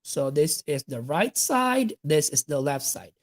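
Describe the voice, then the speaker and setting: A woman's voice: low-pitched, sing-song, measured pace. A woman with a Filipino accent giving a nursing exam lecture, mixing English with Tagalog and checking in with "okay?" after each point.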